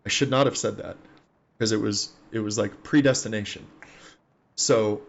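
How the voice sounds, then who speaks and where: A man in his thirties, an army veteran, telling a war story in a profane, laughing, animated way. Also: lowish voice, moderate pace, creaky, lo-fi sound. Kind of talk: casual storytelling on a live stream.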